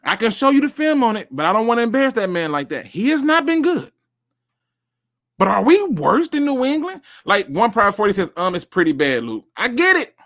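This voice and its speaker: A man's voice: high voice, fast talker, few pauses. A man hosting a solo sports talk show, speaking straight to his viewers and reacting as he reads. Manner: animated, talks to viewers directly, reads out and reacts.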